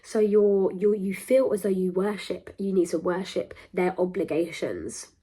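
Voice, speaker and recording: A woman's voice: mid-range voice, unhurried, dark tone, a little hiss or hum. A young woman hosting a podcast, talking in a rambling, emphatic, self-interrupting way. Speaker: podcast host. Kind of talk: casual monologue to camera.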